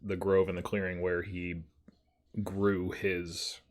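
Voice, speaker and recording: A man's voice: low-pitched, monotone, slow. A man playing a tabletop game, describing his character's actions casually with many fillers. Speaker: player.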